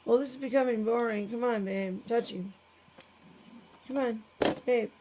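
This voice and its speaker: A woman's voice: a little high, a little slow, background noise. A woman filming her pets at home, chatting and coaxing them in a sing-song voice. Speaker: pet owner filming her animals. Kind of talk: casual home video chat.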